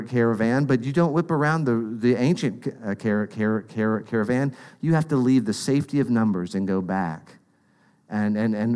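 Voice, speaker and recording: A man's voice: mid-range voice, a little mellow. A man preaching a sermon in an earnest, conversational storytelling manner.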